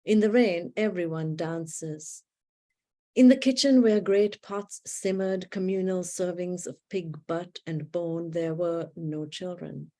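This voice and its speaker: A woman reading her own poetry aloud in measured, deliberate phrases with long pauses, over a livestream video call. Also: fairly low pitch, steady tone, dark tone. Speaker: poet reading her work. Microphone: video call setup.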